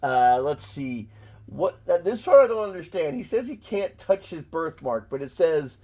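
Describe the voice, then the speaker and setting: A man's voice: a little high, big pitch swings, normal speed, dark tone. A man reading an old comic aloud and breaking off into sarcastic, mock-exasperated commentary. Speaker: comic book reviewer.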